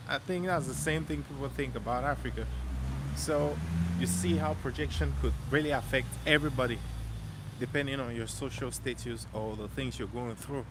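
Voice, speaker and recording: A man's voice: medium pitch, normal speed. Chatty man walking a busy street. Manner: relaxed, chatty, slangy, repeats himself. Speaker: vlogger walking a city neighborhood. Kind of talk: casual storytelling walk-and-talk. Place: outdoors on a city street, walking. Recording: street traffic noise behind.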